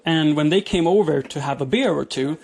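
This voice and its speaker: A male streamer with a slightly high voice chats loosely while he works with his hands. He rambles, restarts his sentences and answers chat messages as they come in. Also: a little fast, a little mellow. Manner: chatty, rambling, reads chat aloud, frequent restarts and laughs. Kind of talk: casual live-stream chat while doing chores.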